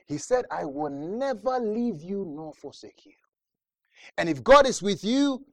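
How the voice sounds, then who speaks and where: A man preaching with fervour, his voice sitting high and swinging widely in pitch. The sound is dry and close. His calls build and repeat. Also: very animated, unhurried, no echo. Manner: fervent, with rising repeated calls. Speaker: pastor. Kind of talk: sermon.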